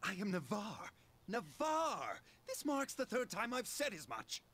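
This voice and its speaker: An actor playing a haughty young noble samurai apprentice with a pompous, sneering manner. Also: male voice, sits high, huge pitch swings, unhurried, bright, forceful tone, exaggerated voice.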